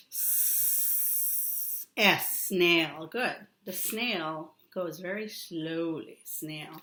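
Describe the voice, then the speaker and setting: A woman teaching a young child a remote lesson, drawing out words and repeating them with steady encouragement. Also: mid-range voice, roomy sound, slight background noise. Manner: slow, drawn-out, encouraging teacher talk with repetition.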